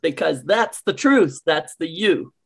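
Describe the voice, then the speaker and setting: A woman's voice: low-pitched, expressive, a little slow, vocal fry, husky. A middle-aged woman from Canada, an English coach answering interview questions in an emphatic, teaching manner with rhetorical questions, heard over a video call.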